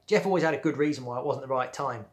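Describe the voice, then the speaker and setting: Man reading a class novel aloud. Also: medium pitch. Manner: slow, clear storytelling with friendly asides. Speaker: primary school teacher. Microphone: home or classroom video recording.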